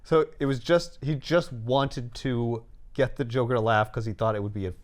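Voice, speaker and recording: A man's voice: medium pitch, fairly even intonation, normal speed. Man chiming in with short reactions. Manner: listening, short reactions and laughs. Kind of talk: casual chat.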